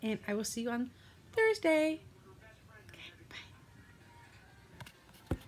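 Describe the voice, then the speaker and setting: A woman's voice: fairly high pitch, very animated, slow, faint music behind. An older woman from Southern California, chatting to camera in a rambling, self-mocking way, seated at home. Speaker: vlogger. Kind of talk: casual chat to camera. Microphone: phone or camera.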